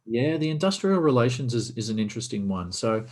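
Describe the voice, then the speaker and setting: A man's voice: mid-range voice, very animated, a little fast, a little mellow. A man from Australia, a podcast guest, explaining business operations in a casual video-call conversation and posing rhetorical questions.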